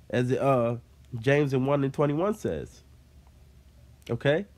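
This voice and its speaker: Taking it slowly in an expressive, mid-range voice, a man teaches an informal Bible study. He reads scripture and follows with casual explanation peppered with fillers such as "man."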